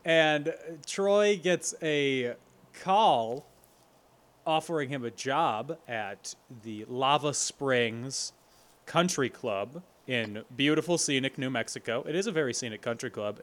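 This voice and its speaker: A man's voice: medium pitch, expressive, a little slow, a bit bright. A young man co-hosting a podcast, recapping with dry, sarcastic jokes. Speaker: podcast co-host. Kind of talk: casual chat.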